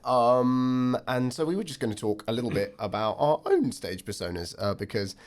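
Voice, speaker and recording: A young man in his twenties co-hosting a chat podcast, talking politely and thoughtfully with many pauses and fillers. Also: mid-range voice, lively intonation. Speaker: podcast co-host, stand-up comedian. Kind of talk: casual chat.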